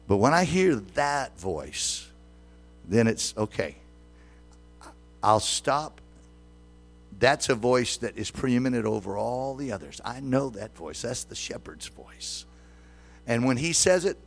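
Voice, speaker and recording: A man in his sixties preaching a sermon as pastor, often putting questions to the congregation. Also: mid-range voice. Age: 60s.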